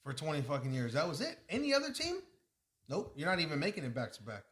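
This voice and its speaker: A man co-hosting a podcast in casual sports chat, telling animated stories and swearing often. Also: mid-range voice, very fast. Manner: excited storytelling, frequent swearing. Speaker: podcast co-host.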